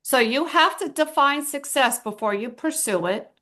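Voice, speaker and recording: A middle-aged woman with a fairly high voice leads a small group through a motivational talk. She tells personal stories and stretches out the words she stresses. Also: animated, sharp tone. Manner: emphatic, storytelling, drawn-out stresses. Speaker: team trainer.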